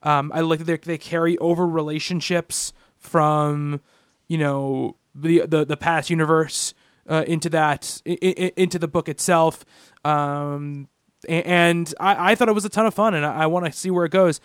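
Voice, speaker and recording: A man's voice: on the high side, fairly even intonation, moderate pace, clean tone, dry recording, clean studio sound. Rambling man on a comics podcast. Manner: rambling, many restarts. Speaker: podcast co-host. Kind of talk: casual comic book chat.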